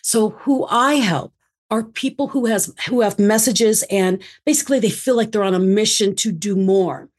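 Woman, speaker coach being interviewed; emphatic, expressive delivery with big swings in intonation. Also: medium pitch, moderate pace, husky. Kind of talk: interview answers.

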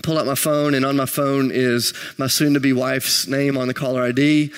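A man's voice: medium pitch, flat delivery, normal speed, clear, resonant tone. A man preaching a sermon, telling stories with self-deprecating humor and building to rising intensity. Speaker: pastor.

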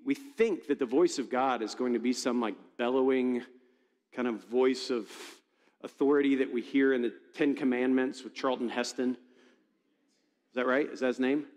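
A male pastor preaches in a casual, storytelling way, often restarting his sentences. His voice sits at an ordinary middle pitch. It rings out with the long reverb of a large church hall. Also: darkish tone. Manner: conversational, storytelling, frequent restarts. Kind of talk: sermon. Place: church auditorium.

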